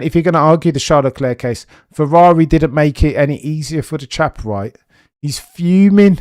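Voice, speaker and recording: A young man streaming live race commentary, chatty and animated, with excited bursts and muttered asides. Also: medium pitch, no echo, studio quality.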